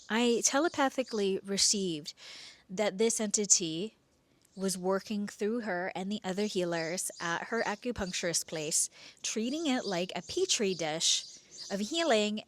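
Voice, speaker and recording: A woman hosting and telling her own true story, expressive, dropping into hushed whispers and swinging between slow and quick delivery. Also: medium pitch. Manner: pace swings between slow drawn-out and rushed. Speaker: podcast host telling a personal story. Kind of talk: first-person storytelling.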